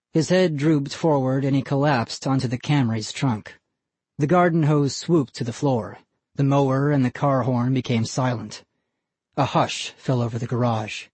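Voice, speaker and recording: Slow husky narrator reading a spooky kids' book, dry, no room sound. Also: mid-range voice, no echo. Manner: measured, even storytelling. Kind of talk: scripted audiobook narration.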